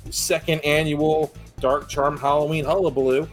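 A man co-hosting a podcast in casual chat, relaxed and laughing often. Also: a little high, moderate pace, faint music behind. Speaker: podcast co-host.

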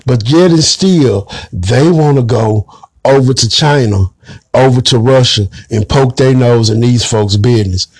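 A man's voice: mid-range voice, measured pace, a little mellow, breathy edge, dry recording. A man giving an emphatic, preachy commentary monologue straight to his audience. He calls his listeners family and swears bluntly. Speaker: online commentator.

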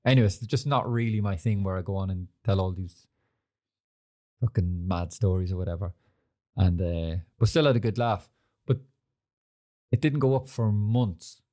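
A man's voice: low-pitched, dark tone. A young man hosting a casual podcast, rambling through stories with lots of fillers and swearing. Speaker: podcast host. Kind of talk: casual chat.

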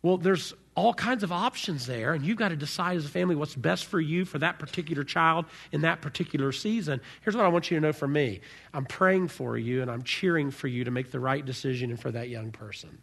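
A man preaching a sermon as pastor, animated, swinging from soft to loud. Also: fairly high pitch, a little fast, gravelly, breathy edge.

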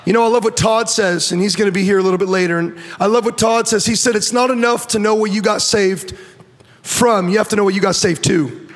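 A man giving an animated personal testimony to a church audience, acting out the voices in his story and often restarting sentences. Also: high voice, brisk, long reverb tail. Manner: animated storytelling, acts out quotes, repeats and restarts. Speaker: guest speaker.

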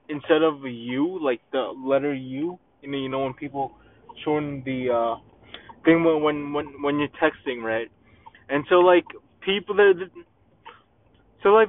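A man's voice: on the high side, no room sound. A young man hosting a solo podcast, ranting in a profane, exasperated way with lots of fillers and restarts. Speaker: podcast host. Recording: tinny phone-quality, dry sound.

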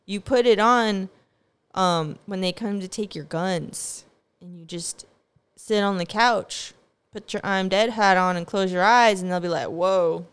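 A woman's voice: medium pitch, a little slow, smooth. A young woman rambling in a casual monologue, sarcastic and laughing often, with frequent swearing. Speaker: vlogger.

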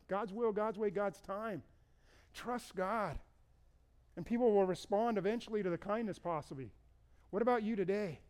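A man's voice: sits high, a little mellow. A middle-aged male pastor preaching a sermon in a conversational, storytelling way, repeating words for stress.

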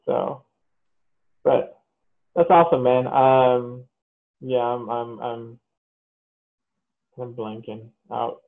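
A man's voice: mid-range voice, flat delivery, extremely slow, creaky, pauses often. A man co-hosting a casual podcast chat, easygoing and agreeable, drifting into fillers. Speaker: podcast co-host. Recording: tinny phone-like line.

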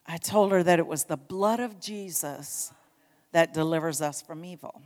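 A woman preaching a sermon, telling a story with animated emphasis and urging her congregation on. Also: deep voice, moderate pace, in a large hall. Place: church sanctuary.

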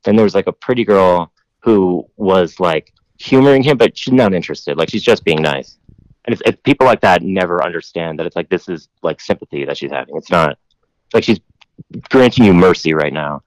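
Man, low voice, rambling casual storytelling, lots of "like", swears, dry close sound. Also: lively intonation, a little fast, dry recording.

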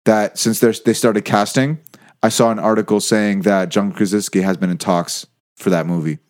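A man on a casual podcast sharing entertainment news, hesitant and pausing often. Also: on the low side, steady tone, a little mellow. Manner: hesitant, many fillers and restarts. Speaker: podcast co-host. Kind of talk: casual chat, reading out news.

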